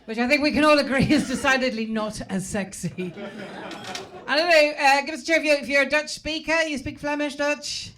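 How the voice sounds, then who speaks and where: A woman's voice: high voice, a little fast, fairly bright tone. An English woman performing stand-up comedy, chatty and self-mocking, talking with the crowd from a club stage. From England.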